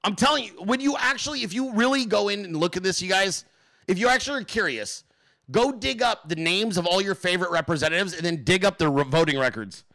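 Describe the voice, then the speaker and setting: A man with a high, bright, forceful voice rants on a political livestream. He is emphatic and profane, and he rambles as he talks straight to his viewers and chat. The recording is dry and close, with no room sound. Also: expressive, fast, no echo. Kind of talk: casual profane political rant.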